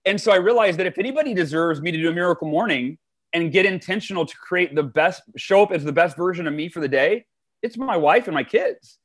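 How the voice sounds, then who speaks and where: Enthusiastic man telling stories, slightly high voice. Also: quick pace. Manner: enthusiastic, animated, repeats words when starting phrases. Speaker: guest. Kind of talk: conversational storytelling.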